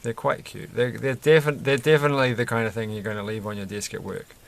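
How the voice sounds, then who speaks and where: A man's voice: on the low side, fairly even intonation, fast, vocal fry. A man chatting casually and rambling while he builds a toy set, chuckling often and breaking off mid-sentence. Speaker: vlogger building Lego sets.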